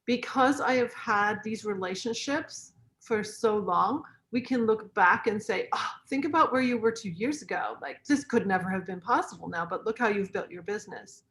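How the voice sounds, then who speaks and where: A woman's voice: medium pitch, normal speed, few pauses, fairly bright tone. A woman hosting an online leadership conference, chatting in an encouraging way with a speaker. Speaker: conference host. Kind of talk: casual chat with a guest speaker.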